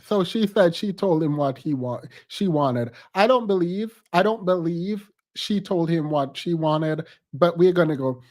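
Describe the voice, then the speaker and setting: A man's voice: on the high side, lively intonation, measured pace, few pauses, a little mellow. A man hosting a reaction commentary, sarcastic and incredulous, often breaking into laughter. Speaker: host.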